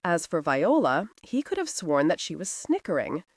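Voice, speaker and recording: A woman narrating a historical romance audiobook in an expressive, dramatic reading. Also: on the low side, moderate pace, dry recording, studio quality.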